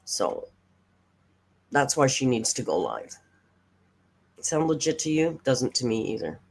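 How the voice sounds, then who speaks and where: A woman's voice: extremely low pitch, very animated, unhurried, vocal fry, breathy edge. A woman hosting a casual livestream reaction, sarcastic and swearing freely as she reads comments aloud. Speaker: reaction streamer host.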